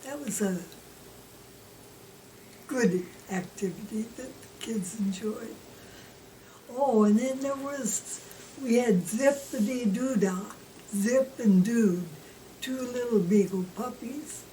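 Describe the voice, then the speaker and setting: A woman recalling preschool memories in an interview, slow and gentle. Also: fairly high pitch. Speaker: former preschool worker. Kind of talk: interview storytelling. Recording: distant mic, faint room noise.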